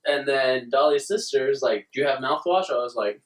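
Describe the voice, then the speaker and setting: A man's voice: mid-range voice, fairly quick. A young man hosting a podcast, telling an embarrassing story in casual, profane chat with frequent laughs. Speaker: podcast host. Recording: roomy, distant mic.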